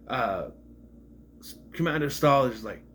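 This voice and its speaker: A man's voice: mid-range voice, animated, extremely slow, fairly bright tone, slight background noise. Rambling man reviewing an episode. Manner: rambling, loose and digressive. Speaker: show reviewer. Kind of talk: casual episode retrospective.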